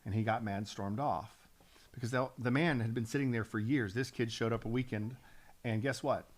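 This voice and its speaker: A man's voice: mid-range voice, fairly even intonation, normal speed. A man, a pastor, teaching from the Bible on a talk show, earnest and building up steam, often restarting his sentences.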